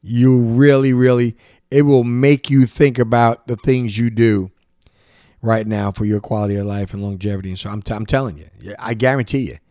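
A man of middle pitch hosts a podcast and rants with passion, restarting sentences and hammering the same phrases. The recording is dry and close, with no room sound at all. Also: fairly even intonation, moderate pace, mellow, no echo. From United States. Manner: repetitive, restarts often, emphatic rants. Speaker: podcast host. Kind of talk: impassioned podcast monologue.

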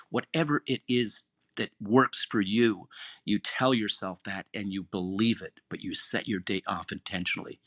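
A man's voice: on the low side, moderate pace, a bit bright, no room sound, studio quality. A man hosting an online group room, giving an earnest, encouraging motivational talk that repeats its key phrases. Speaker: room host and moderator.

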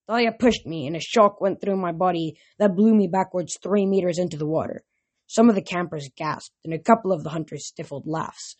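A woman reads a novel aloud in a steady, plain manner. Her voice sits low and carries a breathy, husky edge. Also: a little fast. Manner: plain, steady reading with small restarts. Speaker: narrator.

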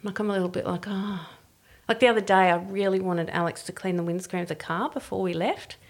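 A woman's voice: mid-range voice, fairly even intonation, fairly quick. A woman, chatting casually, laughing often and acting out quoted voices. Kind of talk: casual chat.

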